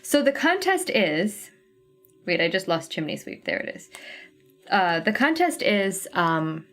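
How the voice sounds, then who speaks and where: With faint music behind her, a woman speaks at a measured pace in a medium-pitched, fairly bright voice full of big pitch swings. As a cross-stitch livestream host, she sorts flosses while casually chatting and thinking aloud.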